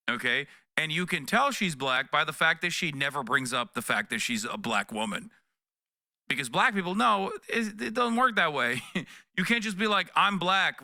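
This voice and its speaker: A man's voice: on the high side, gravelly, pushed and bright, no echo. A man in his thirties reacting to news clips on a live stream, sarcastic and profane, close to a desk mic. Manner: profane, sarcastic, mocking voices.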